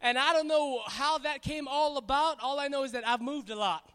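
A man from Hawaii with a Pidgin and Southern-tinged accent, giving a loud, playful church youth talk with call-and-response. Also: very high-pitched, normal speed. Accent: Hawaiian Pidgin mixed with Southern US. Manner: loud, playful, hyping up the crowd. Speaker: guest speaker at church youth service. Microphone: stage microphone on a cable. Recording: long reverb from a large hall.

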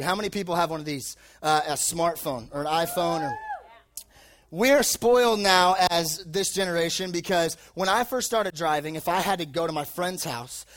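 A man's voice: a little high, fairly bright tone. A young man giving a casual sermon to a live audience, telling a rambling, joking personal story full of fillers. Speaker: youth preacher. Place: live talk before an audience.

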